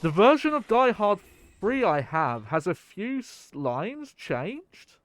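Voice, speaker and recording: Here a man offers casual gameplay commentary while streaming, chatting with viewers in a rambling way and laughing and swearing along the way. His voice is high-pitched and sing-song, paced slowly, with no room sound.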